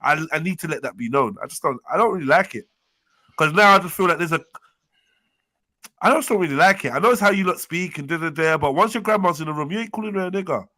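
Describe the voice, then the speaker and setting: A man riffs loudly on a live online panel, joking and heavy on slang. His voice sits high and sounds bright and forceful. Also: animated, fast, no echo. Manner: loud, jokey, slangy. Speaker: host. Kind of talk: casual panel banter.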